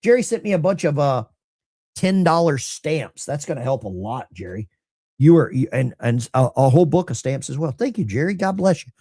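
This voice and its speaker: A middle-aged veteran hosts a casual livestream, reading viewer letters in a blunt, salty voice that mocks himself. His pitch jumps up and down a lot. The sound is dry, with no room echo. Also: very animated, moderate pace, dark tone. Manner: salty, blunt, self-mocking. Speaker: veteran channel host reading viewer mail.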